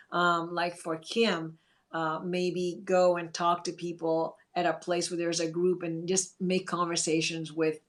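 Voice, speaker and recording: A woman hosting a casual livestream, chatting in an encouraging way and reading viewer comments aloud. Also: lowish voice. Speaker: livestream host.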